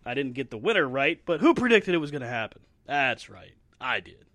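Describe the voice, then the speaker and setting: A man's voice: mid-range voice, big pitch swings, brisk, fairly bright tone, dry recording, studio quality. A man co-hosting a casual wrestling podcast, chatty and laughing often, with hiccups. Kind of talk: casual chat.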